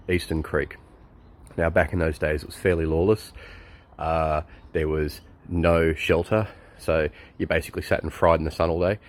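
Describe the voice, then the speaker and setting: Low-voiced Australian man telling a rambling yarn. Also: slight background noise. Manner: chuckling, loose storyteller with many fillers. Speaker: friend giving a birthday message. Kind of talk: rambling anecdote.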